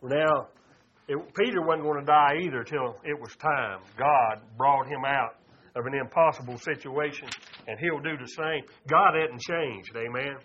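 A man's voice: mid-range voice, unhurried, a bit bright. A man, preaching a folksy sermon and calling his listeners "buddy.". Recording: dull lo-fi recording.

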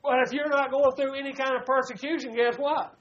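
A man's voice: very high voice, flat delivery, fairly quick, fairly bright tone. A man, preaching a folksy sermon and calling his listeners "buddy.". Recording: dull lo-fi recording.

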